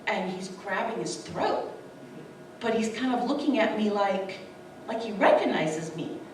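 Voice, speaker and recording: Speaking a little slowly at medium pitch, an expressive woman recounts her personal testimony with earnest feeling, voicing the dialogue she quotes. A distant mic in a reverberant hall captures her, along with slight hiss or hum.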